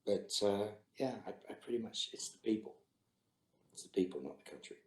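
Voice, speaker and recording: A man's voice: lowish voice, animated, fairly quick. A middle-aged man, an actor on a virtual fan Q&A, reading out fan questions and answering with dry, terse quips over a video call. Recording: roomy echo.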